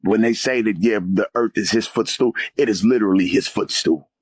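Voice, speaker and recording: A man's voice: on the low side, a little fast, husky, no room sound. A man, a guest on the show, telling an emotional spiritual testimony in a fervent, vivid way and often calling his listener "man" or "brother".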